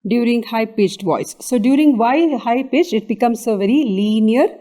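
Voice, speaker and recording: A woman's voice: on the high side, normal speed, mellow. A woman with an Indian English accent giving an exam revision lecture on anatomy, explaining step by step and often checking in with "okay".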